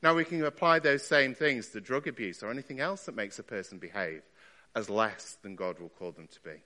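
Man, preacher, conversational sermon, rhetorical questions, bright tone. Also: mid-range voice, lively intonation, brisk, big-room sound. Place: church.

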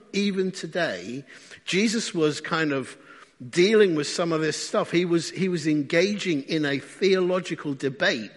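A man's voice: a little high, a bit bright. A man preaching a sermon in a conversational way, often asking the congregation questions. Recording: long hall reverb.

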